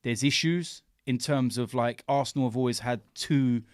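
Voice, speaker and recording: A man trading casual football banter on a podcast, jokey and animated. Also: medium pitch, normal speed, no room sound, clean studio sound. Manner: animated, jokey trash talk with laughs. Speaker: podcast guest and fan pundit.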